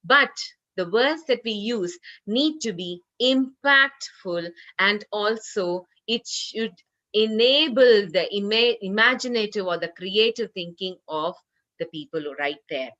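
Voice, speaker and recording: Bright-voiced woman trainer on a call. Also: mid-range voice, animated, a little slow, lo-fi sound. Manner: earnest, repeats herself, many "you know" fillers. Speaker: corporate trainer. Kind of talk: online training session talk. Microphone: video call.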